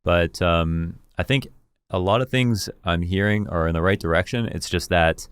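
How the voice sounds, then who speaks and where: A man, an esports caster, thoughtfully reviewing his own commentary in a deep voice, enunciating carefully. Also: moderate pace, clear, resonant tone, dry recording, studio quality. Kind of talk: reflective self-review.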